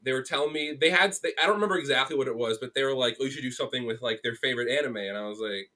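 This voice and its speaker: Bright-voiced young man telling an animated story. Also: mid-range voice, rapid-fire. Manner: animated storytelling, acts out quotes, many fillers. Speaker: podcast guest, graphic artist. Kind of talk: casual chat.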